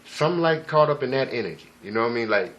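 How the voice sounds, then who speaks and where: A man's voice: mid-range voice, expressive, rapid-fire, fairly bright tone. A man telling a personal story in a casual, rambling and profane way, full of emphatic asides to the listener. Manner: rambling, profane, emphatic, frequent "you know what I'm saying". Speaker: vlogger.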